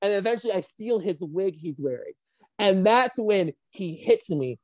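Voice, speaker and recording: A woman, a professional wrestler, telling a story in a casual, animated and profane way. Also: medium pitch, normal speed, no echo.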